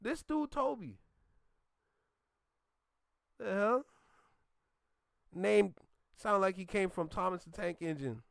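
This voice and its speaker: A man's voice: sits high, slow, vocal fry, long pauses, no room sound, studio quality. A man hosting a reaction channel, ranting casually in an emphatic, slangy way and repeating himself.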